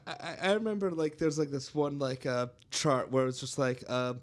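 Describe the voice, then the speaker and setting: A young man at an ordinary middle pitch rambles through stories on a casual student radio show. He stacks up fillers and restarts, then drops bits of trivia with a laugh. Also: normal speed. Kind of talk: casual college radio chat.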